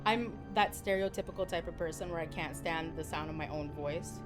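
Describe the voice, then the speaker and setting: A young woman streams a game live while game music plays, talking freely with viewers and reading their messages out loud. Her voice is low-pitched and fairly quick, and she's expressive, exclaiming and laughing often.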